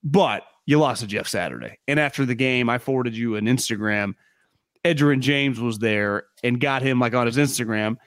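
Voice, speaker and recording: A man co-hosting a casual sports podcast, talking in an animated, rambling way with casual swearing. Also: medium pitch, normal speed, no echo, clean studio sound. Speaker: podcast co-host.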